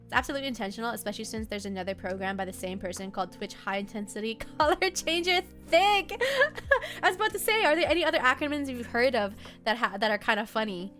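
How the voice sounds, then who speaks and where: A woman's voice: fairly high pitch, expressive, very fast, a bit bright, faint music behind. A young adult woman streaming and chatting casually, rambling from one thing to the next and laughing often. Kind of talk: casual chat.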